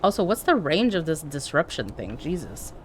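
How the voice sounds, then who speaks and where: Low-voiced woman streamer chatting casually. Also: very animated, normal speed, a little hiss or hum. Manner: candid, joking, chats with viewers. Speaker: game streamer. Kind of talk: casual chat while playing live.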